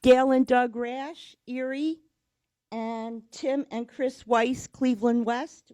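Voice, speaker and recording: A woman with a fairly high voice speaks at a graduation ceremony, laughing lightly between lines. The sound is dry, with little room echo. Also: slow pace, dark tone. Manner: cheerful, laughs between lines, reads a closing quote. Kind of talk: ceremony speech.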